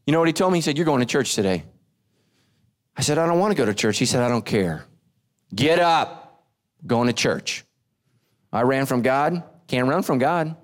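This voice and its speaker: A middle-aged man preaching a sermon with animated delivery, acting out quotes in shifting voices. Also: medium pitch, a little fast, long pauses. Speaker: pastor.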